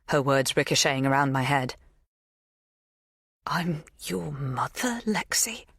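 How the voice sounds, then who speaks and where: Low-voiced woman narrating an audiobook. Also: no room sound, clean studio sound. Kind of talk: scripted narration.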